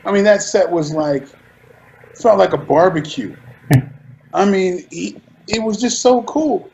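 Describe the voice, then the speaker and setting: A man being interviewed, telling animated stories about his work and often restarting his sentences. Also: sits high, unhurried, gravelly, lo-fi sound, slight background noise. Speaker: actor interviewed as guest. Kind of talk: casual interview storytelling.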